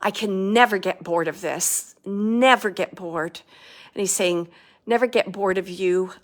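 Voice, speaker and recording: A woman working as a medium, relaying messages for a sitter in a halting, searching way. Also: medium pitch. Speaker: psychic medium.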